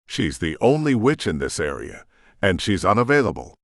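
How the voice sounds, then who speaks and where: A man's voice: lowish voice, sing-song, normal speed, no echo, studio quality. A man voicing a stern, guarded shifter leader. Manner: level and commanding.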